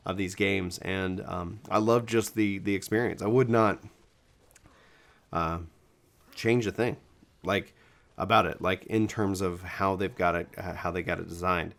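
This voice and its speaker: A gaming video creator talking casually to his viewers, rambling and self-correcting with enthusiasm, his voice cracking now and then. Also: fairly low pitch. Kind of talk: casual talk to camera.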